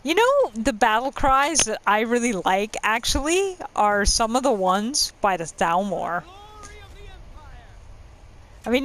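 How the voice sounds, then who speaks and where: A woman's voice: medium pitch, lively intonation, unhurried, fairly bright tone, low-quality recording. A woman hosting a let's-play, talking in a chatty, musing way and laughing often while she plays. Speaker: gaming channel host.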